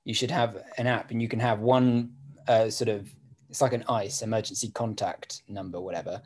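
Relaxed, rambling man chatting. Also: fairly low pitch, normal speed. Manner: relaxed, rambling storytelling with fillers. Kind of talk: casual chat.

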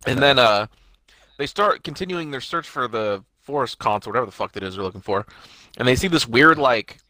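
A young man's bright, lively voice bounces around as he swears his way through a retelling to a friend. The sound is dry and close, like a headset on a voice call. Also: medium pitch, a little fast, no echo. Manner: animated, profane, laughs while retelling. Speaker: friend recapping a cartoon. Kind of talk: casual chat over voice call.

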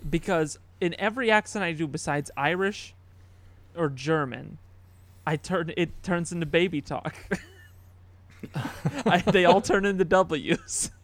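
A man hosting a casual chat, talking in halting bursts and laughing at himself. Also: fairly high pitch, fairly bright tone, dry recording. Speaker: podcast host.

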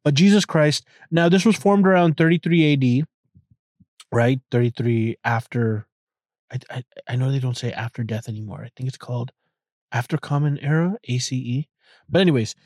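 A man's voice: on the high side, normal speed, darkish tone, dry recording, studio quality. A young man hosting a casual solo podcast from inside his car, rambling and irreverent, joking as he goes and restarting his sentences often. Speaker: podcast host.

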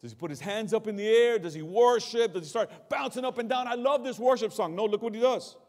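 A male pastor preaching a dramatic sermon, dropping low and quiet and then rising loud, and mocking excuses in a put-on voice. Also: fast. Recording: long hall reverb.

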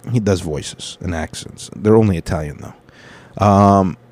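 Low-voiced man rambling through a story. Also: a little slow, darkish tone. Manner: rambling, profane, quotes people in his stories. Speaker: podcast host and stand-up comic. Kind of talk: casual storytelling monologue.

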